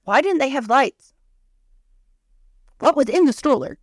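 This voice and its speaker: A podcast co-host in her thirties, this woman speaks high and at a measured pace, recorded as clean studio sound with no echo. Chatting casually, she tells a creepy personal story in an animated way, swearing freely and performing what people said.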